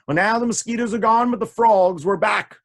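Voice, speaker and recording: A man telling stories to children in an animated, sing-song way, often repeating phrases and talking to the kids. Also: sits high, fairly quick. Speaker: children's storyteller.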